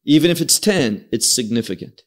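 A man's voice: mid-range voice, fairly quick. A man teaching an evening Bible study, who explains the text verse by verse, cites Hebrew words and repeats key words for emphasis. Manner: expressive, draws out key words and repeats himself.

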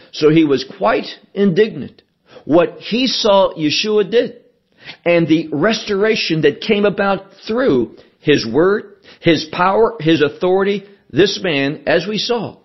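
Slow, emphatic husky male preacher. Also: high-pitched, lo-fi sound. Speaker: pastor. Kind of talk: sermon.

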